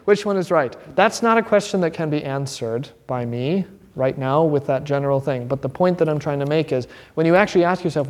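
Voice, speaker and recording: A man, a pastor, teaching an informal Bible class in an animated, joking way. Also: fairly high pitch, brisk, hardly any pauses. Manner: animated, joking, acts out quoted voices.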